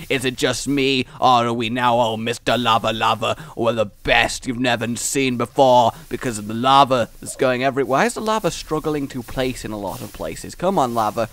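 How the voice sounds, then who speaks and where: Excitable young man brainstorming over gameplay. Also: mid-range voice, normal speed, few pauses, no room sound. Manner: excitable, rambling, brainstorming out loud. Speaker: gaming video creator. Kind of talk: casual let's-play commentary.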